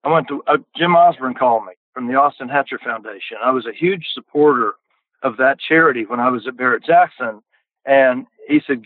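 A man's voice: medium pitch, brisk, no echo. An older man telling car stories on a podcast in a folksy way, often repeating words as he starts. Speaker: podcast guest. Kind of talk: casual storytelling. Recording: dry, tinny phone line.

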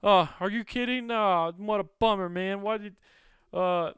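A man's voice: high voice, a little slow, fairly bright tone, clear, resonant tone, dry recording, studio quality, voice pushed up. A man voicing a jailed man who is desperate about his lost fishing rod, whining and then screaming curses. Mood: pleading. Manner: whiny, then screaming and swearing.

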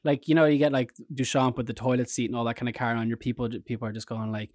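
Irish man, chatty storyteller, rambling anecdotes, dry close sound, mid pitch. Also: racing, no echo. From Ireland. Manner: rambling anecdotal storyteller, animated quoted voices. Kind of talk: casual chat.

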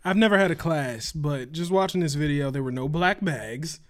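A man's voice: on the high side, moderate pace. A man making dry, matter-of-fact remarks in a casual reaction chat among friends.

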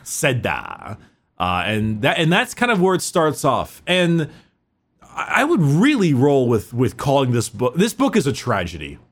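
Lively rambling male podcast host. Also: medium pitch, unhurried, husky. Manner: rambling, many restarts and fillers. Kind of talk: casual book discussion.

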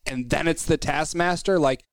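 A man co-hosting a casual podcast, talking bluntly with lots of swearing and animated rants. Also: on the high side, normal speed, dry recording, clean studio sound. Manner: blunt, profane, animated ranting. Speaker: podcast co-host. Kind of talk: casual chat.

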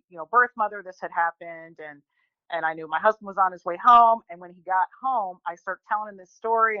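A woman in her forties, a guest telling a personal story in an animated, chatty way, often restarting and quoting people. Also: on the low side, clear, resonant tone, dry recording, muffled recording. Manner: chatty, animated, many restarts and quoted voices.

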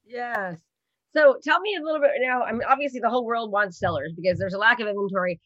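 A woman's voice: fairly high pitch, quick pace, dry recording, muffled recording, soft background music. A woman hosting an interview and asking questions with energy. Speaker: podcast host and coach. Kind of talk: interview host.

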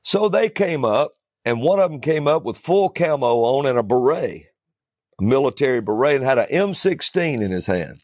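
A man's voice: medium pitch, very animated, normal speed, darkish tone, no room sound, clean studio sound. A man who is a preacher, telling a folksy story in a casual talk-show chat. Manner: fiery and preachy, then folksy anecdote-telling.

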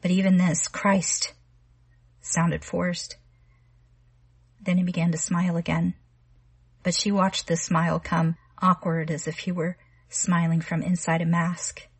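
Breathy, low-voiced woman narrating fiction. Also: little pitch movement, unhurried, pauses often, dry recording. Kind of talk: literary audiobook narration.

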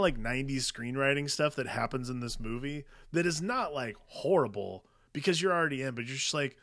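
A man's voice: mid-range voice, brisk, creaky, fairly bright tone, no room sound, clean studio sound. A man co-hosting a casual movie review chat, talking emphatically, swearing and filling with "like". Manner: emphatic, swears, uses "like" as a filler. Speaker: podcast co-host.

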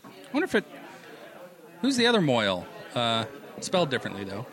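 A man co-hosting a podcast in casual chat, animated and laughing often as he reads out stories. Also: medium pitch, fairly quick, crowd noise. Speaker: podcast co-host.

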